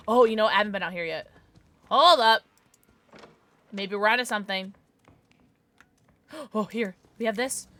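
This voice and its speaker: A woman streamer giving excitable, chatty live gameplay commentary, often gasping and teasing playfully. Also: medium pitch, normal speed, long pauses. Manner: playful mock-polite teasing.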